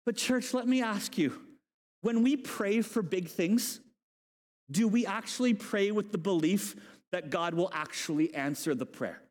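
A male pastor delivering a lively, joking sermon with a high voice. His talk is loose and conversational, and it carries a long reverb from a large hall. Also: measured pace. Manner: animated, humorous, conversational.

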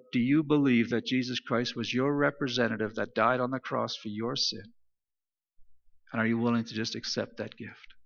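Man, pastor, sermon, forceful bright voice, emphatic repetition, dull sound. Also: medium pitch, gravelly, in a large hall. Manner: emphatic, repetitive preaching cadence.

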